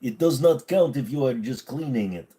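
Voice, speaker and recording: A man puts on a deadpan mock Russian character with a heavy put-on accent. The voice sits noticeably higher than his normal speech, and the broken English is delivered in a plodding, matter-of-fact way. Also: moderate pace, natural voice.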